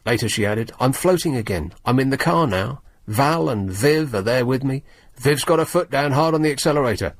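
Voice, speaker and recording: A man's voice: mid-range voice, animated, brisk, no room sound. A male radio host in a studio, reading a newspaper story aloud with sarcastic, wry asides. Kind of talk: late-night radio talk, reading the paper aloud. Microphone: studio microphone.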